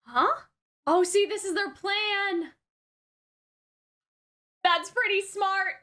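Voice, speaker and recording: Very high-voiced, slow-talking woman reacting. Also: pushed and bright. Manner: exclamatory, swears freely, thinks aloud. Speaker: anime reaction channel host. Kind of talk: casual reaction commentary.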